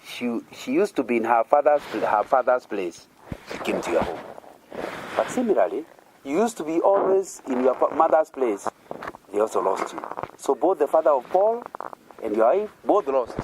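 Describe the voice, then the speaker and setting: A preacher with a Kenyan accent delivers a sermon in a fairly high voice whose pitch swings widely. He repeatedly poses rhetorical questions to the congregation and chuckles between points. There's slight background noise.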